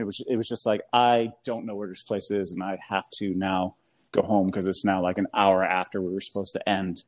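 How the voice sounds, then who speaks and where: Chatty low-voiced American man. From New England, US. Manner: rambling, animated, heavy fillers, laughs often. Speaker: guest. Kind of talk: casual storytelling chat.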